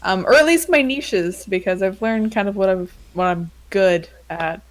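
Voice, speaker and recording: A woman's voice: mid-range voice, normal speed. A woman who runs tabletop games, chatting casually on a podcast and laughing often. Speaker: game master.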